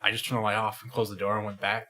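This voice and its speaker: Bright-voiced, wisecracking man. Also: lowish voice, level tone, racing. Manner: profane, wisecracking. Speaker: podcast co-host. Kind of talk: casual chat.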